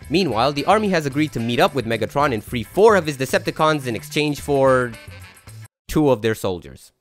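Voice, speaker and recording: A man's voice: mid-range voice, expressive, a little fast, faint music behind. A man narrating a comedic movie recap with sarcastic, jokey asides.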